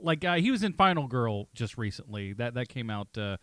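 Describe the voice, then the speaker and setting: A man's voice: medium pitch, big pitch swings, fairly bright tone, clear, resonant tone, no room sound, clean studio sound. A man co-hosting a podcast, chatting casually about movies and joking around with his co-host. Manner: jokey, quick to act out movie lines in silly voices. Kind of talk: casual movie review chat.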